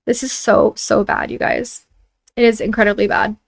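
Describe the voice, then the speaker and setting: A woman's voice: mid-range voice, level tone, moderate pace, gravelly. A young woman chatting casually as she narrates a life-sim game for her channel, full of filler words. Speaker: let's play host.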